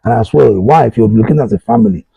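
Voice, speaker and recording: A middle-aged man with a Nigerian accent talks earnestly to his listeners, circling back to the same questions. His voice is deeply gravelly and very dark, with a husky edge. The sound is dull and lo-fi. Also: fast talker, no room sound. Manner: earnest, repetitive, addresses listeners directly. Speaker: host. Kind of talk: advice monologue.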